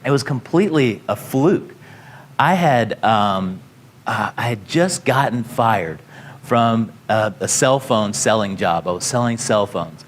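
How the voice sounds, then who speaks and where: A man's voice: on the low side, lively intonation, measured pace. Man telling his career story casually. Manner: rambling, full of "you know" fillers and restarts. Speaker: company founder speaking to students.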